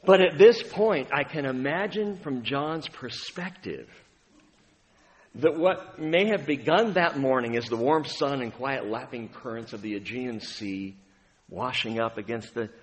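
A man preaching a sermon as pastor, dramatic and swinging from booming lines to hushed ones. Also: unhurried, long reverb tail.

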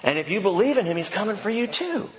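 Brief: male pastor, fairly high voice, emphatic, jokey sermon in a big echoey hall, dull lo-fi sound. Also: fast. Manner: animated, emphatic, joking asides.

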